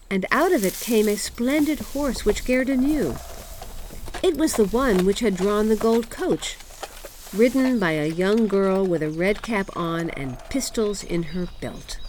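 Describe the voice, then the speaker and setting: A woman reading a fairy tale aloud in a gentle, expressive storybook manner. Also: mid-range voice, a little hiss or hum.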